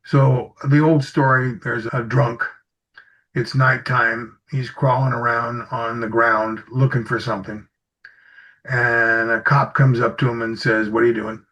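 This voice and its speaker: A man's voice: mid-range voice, flat delivery, unhurried, bright, forceful tone. A man being interviewed as an executive coach, telling anecdotes in an easy conversational way and acting out bits of dialogue. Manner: tells anecdotes, acts out dialogue in stories. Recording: slightly muffled audio.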